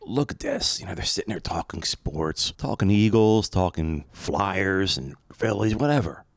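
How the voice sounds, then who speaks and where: Middle-aged Philly man, very low voice, dry close mic, reflective storyteller who wanders into asides. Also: animated, moderate pace, gravelly, no room sound. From Philadelphia area, USA. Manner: conversational, reflective, rambling asides. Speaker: podcast host. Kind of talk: personal storytelling monologue.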